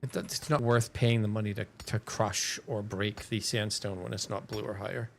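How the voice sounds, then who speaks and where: A man's voice: lowish voice, flat delivery, normal speed, creaky. Rambling male game streamer thinking aloud. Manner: rambling, chatty, talks to himself and chat. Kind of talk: casual thinking aloud while gaming.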